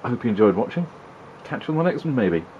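A man's voice: mid-range voice, sing-song, fast, lo-fi sound, a little hiss or hum. A man giving wry, chatty commentary while playing an old video game, teasing the characters on screen. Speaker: retro gaming video host. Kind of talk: casual gameplay commentary.

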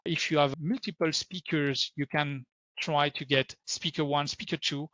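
French-accented male presenter, lively tech talk, higher voice, dry sound. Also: moderate pace, no room sound. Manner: upbeat, keeps saying super and so. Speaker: workshop presenter.

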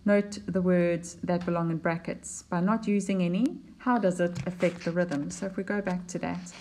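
Woman, lowish voice, teacher talking through a poem over slides, patient and explanatory. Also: fairly even intonation, mellow, slight background noise. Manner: explanatory, unhurried, with fillers and restarts. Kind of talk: poetry lesson over slides.

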